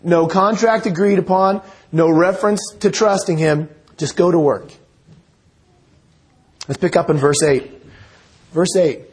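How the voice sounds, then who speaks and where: Husky high-voiced male preacher. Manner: earnest, measured, teaching. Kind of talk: sermon with scripture reading.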